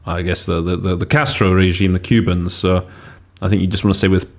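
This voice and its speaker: A man with a fairly low voice talks through interpreting choices in a relaxed, teacherly way. He thinks aloud as he goes, with frequent fillers and self-corrections. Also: brisk, gravelly. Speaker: podcast host teaching interpreting. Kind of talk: casual explanatory commentary.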